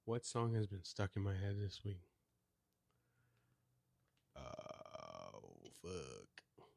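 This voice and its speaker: A man's voice: deep voice, huge pitch swings, very slow, vocal fry, darkish tone, no room sound. A young man co-hosting a music podcast, chatting casually, swearing freely and laughing often. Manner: laid-back, swears a lot, laughs often. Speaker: podcast co-host. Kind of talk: casual chat.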